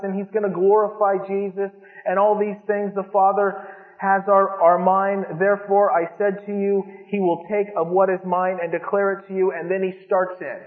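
A man preaching an expository Bible sermon, earnestly retelling scripture in plain everyday words. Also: high-pitched. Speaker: pastor. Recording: echoey hall over a tinny phone-like line.

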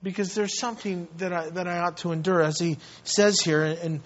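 Earnest high-voiced man preaching. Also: fairly even intonation, a little fast, highs cut off. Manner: earnest, repeats words, rising to emphatic questions. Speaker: pastor. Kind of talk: sermon. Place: church.

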